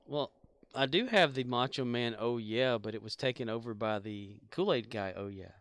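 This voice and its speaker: Casual male streamer, mid-pitched, jokey rambling banter. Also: normal speed, fairly bright tone, no room sound. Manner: joking, rambling, chuckling. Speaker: game streamer. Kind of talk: casual live-stream commentary.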